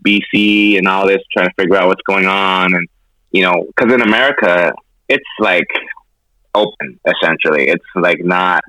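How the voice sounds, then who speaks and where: Brief: low-voiced male co-host on a video call, sharp bright tone, loose rambling chat. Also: moderate pace, no echo, rough recording. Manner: rambling, lots of fillers and restarts. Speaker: podcast co-host. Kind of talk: casual podcast chat. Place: remote, on a call from Hawaii.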